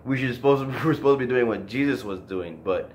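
A man's voice: medium pitch, lively intonation, fast, reverberant, a little hiss or hum, low-quality recording. A man giving an informal, earnest talk on scripture, rambling with many restarts and emotional, close to tears. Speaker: online religious talk host.

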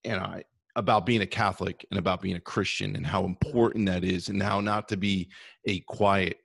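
A man hosting an interview, asking questions haltingly with many restarts. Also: low-pitched, steady tone, gravelly, fairly bright tone, slightly rough, no echo, studio quality. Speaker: interview host.

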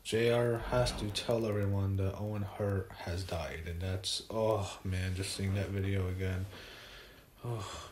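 A man giving a casual spoken review, retelling events haltingly with many fillers and restarts. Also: deep voice, steady tone, echoey room, background noise.

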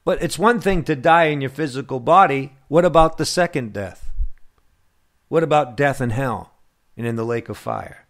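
A man preaching a sermon to his listeners, slow and emphatic, with long pauses. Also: mid-range voice, fairly bright tone. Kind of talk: radio sermon.

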